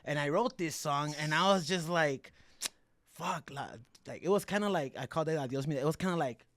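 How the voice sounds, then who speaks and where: A man's voice: fairly high pitch, brisk, dry recording. Candid man, dry close mic. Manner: mixes English and Spanish, swears freely, animated. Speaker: podcast guest. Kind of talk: casual candid storytelling.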